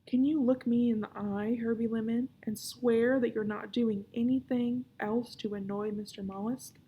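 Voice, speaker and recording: A woman voicing a sharp-eyed, no-nonsense girl at a hotel front desk in a storybook reading, teasing and firm. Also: on the high side, fairly even intonation, normal speed, breathy edge, dull audio.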